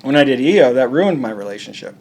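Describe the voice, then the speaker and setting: A man's voice: mid-range voice, animated, fast, a little mellow. A man, a comic artist, talking bluntly and profanely in a casual interview, acting out quoted dialogue.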